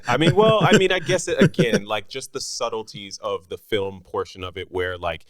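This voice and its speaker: A man's voice: lowish voice, normal speed, a crowd in the background. A man as a podcast guest in casual chat, rambling and restarting his thoughts while talking about a film. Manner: rambling, restarts thoughts, swings up when amused.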